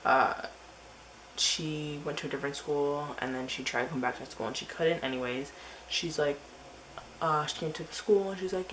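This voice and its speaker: A woman's voice: deep voice, a little fast, a little hiss or hum, low-quality recording. A teenage girl telling a rambling story in a casual diary vlog, full of "like" and quoted asides. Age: teens. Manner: rambling, filler-heavy storytelling. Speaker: vlogger.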